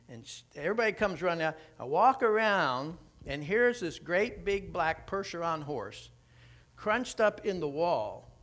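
Man, high bright voice, sermon storytelling, animated and conversational. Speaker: preacher.

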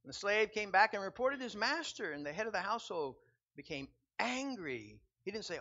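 High, bright-voiced male pastor preaching. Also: sing-song, moderate pace. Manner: builds from quiet to loud, emphatic repetition. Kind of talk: sermon. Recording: dull lo-fi sound.

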